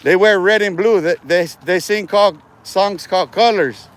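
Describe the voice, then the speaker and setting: A man's voice: high voice, moderate pace. A man hosting his own livestream, rambling and taunting his viewers in a profane rant, often breaking into laughter. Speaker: livestream host.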